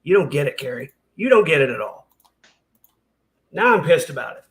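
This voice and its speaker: A man's voice: on the high side, sing-song, moderate pace, fairly bright tone. A man hosting a reaction commentary, ranting in a heated, sarcastic and profane way. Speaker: commentary channel host.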